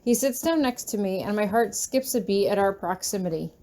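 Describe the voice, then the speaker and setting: A woman reading her fan fiction aloud in the first person, soft and anxious in tone. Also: mid-range voice, a little fast. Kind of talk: first-person audiobook narration.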